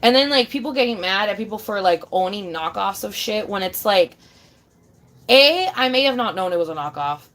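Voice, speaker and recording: A woman's voice: medium pitch, animated, normal speed, fairly bright tone. A woman ranting casually to her camera, swearing often, repeating herself for emphasis and calling the listener babe. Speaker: vlogger.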